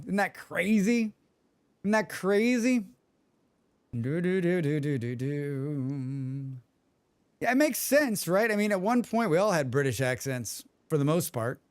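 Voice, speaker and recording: A man's voice: high voice, no echo. A man streaming a game, chatting with his viewers in a joking, rambling way and humming to himself. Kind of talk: casual livestream chat.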